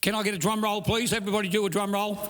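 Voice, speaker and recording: A man's voice: high voice, little pitch movement, racing, very noisy. An older man with an Australian accent, a singer-songwriter chatting and joking with his audience between songs, in a chatty, self-mocking way. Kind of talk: live stage banter between songs. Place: live music venue. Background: acoustic guitar.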